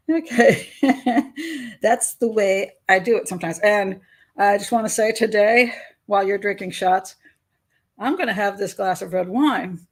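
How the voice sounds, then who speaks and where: A woman's voice: mid-range voice, unhurried. An older woman hosting a live stream, chatting casually and rambling with frequent laughs. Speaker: host.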